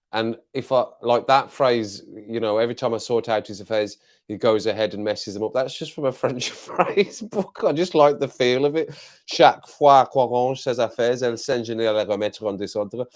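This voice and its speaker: A man's voice: mid-range voice, steady tone, moderate pace. A man hosting a casual live chat, playful and chuckling often as he tries out phrases. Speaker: livestream host.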